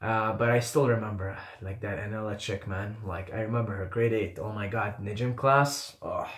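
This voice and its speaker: A young man from the Middle East, whose first language is not English, telling his own story in a casual, animated, self-mocking way and swearing freely. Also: lowish voice, moderate pace, echoey room. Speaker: vlogger.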